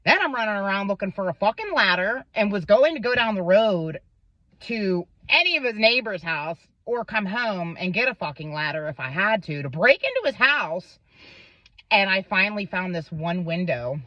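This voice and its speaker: A woman's voice: mid-range voice, expressive, normal speed, pushed and bright, no room sound. A young woman vlogger telling a personal story, rambling, swearing often and stumbling over her words. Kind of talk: emotional storytelling to camera. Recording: dull lo-fi sound.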